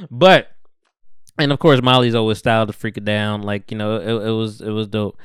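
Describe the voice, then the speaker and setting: A man's voice: fairly low pitch, fairly even intonation, moderate pace, clean tone, no room sound, clean studio sound. A young man hosting a podcast, recapping a TV episode in casual, slangy chat and acting out the characters' lines. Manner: slangy, laid-back, acts out characters' lines. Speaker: podcast host.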